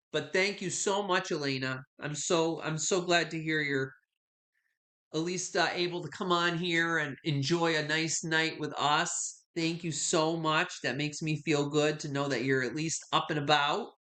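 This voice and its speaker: A man's voice: fairly high pitch, fairly even intonation, measured pace, pushed and bright, reverberant. A man in his fifties hosting a live online sale from his home, chatting casually and calling viewers honey and sweetie. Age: 50s. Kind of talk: live online auction selling.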